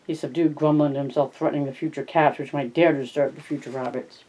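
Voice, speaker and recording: Steady, plain novel narrator. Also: mid-range voice, quick pace, few pauses, rough recording. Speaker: reader. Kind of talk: reading a novel aloud.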